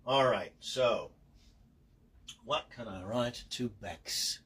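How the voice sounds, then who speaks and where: A man's voice: mid-range voice, very slow, a bit bright, a little hiss or hum. A man chatting casually on a livestream as he signs autographs, narrating each step and joking at his own expense. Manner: chatty and self-deprecating, narrating what he does. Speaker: voice actor signing autographs on a livestream.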